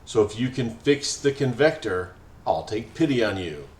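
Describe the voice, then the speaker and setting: Brief: mocking, indolent male serpent alien read by a man, game voice, slightly raised pitch, roomy sound. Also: animated, normal speed, darkish tone, close to an everyday voice. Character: smug lazy male serpent alien gang leader. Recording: roomy echo, faint music.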